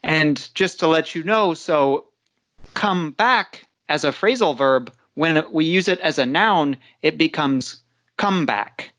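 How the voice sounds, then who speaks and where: Slow patient english teacher running an online class, keeps restarting sentences, dry close sound. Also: mid-range voice, a bit bright, no room sound. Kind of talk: live online language lesson.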